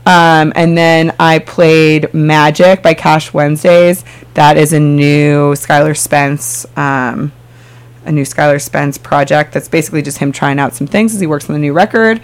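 A chatty, bubbly male radio DJ with a fairly high voice, chatting casually in the studio. He rambles cheerfully between songs and laughs easily. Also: steady tone, unhurried, smooth. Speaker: radio DJ host.

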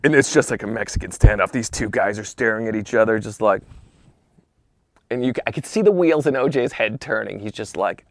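A man tells a rambling, animated anecdote in a relaxed podcast chat. His voice has a gravelly edge. The sound is dry and close. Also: on the low side, fairly quick, dry recording. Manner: animated anecdote with profanity and whispered asides. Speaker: guest telling a story. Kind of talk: casual podcast storytelling.

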